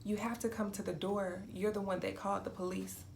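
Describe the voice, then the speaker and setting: A woman's voice: mid-range voice, level tone, brisk, gravelly, slight background noise. A young woman vlogger telling a casual storytime, acting out quotes and laughing often.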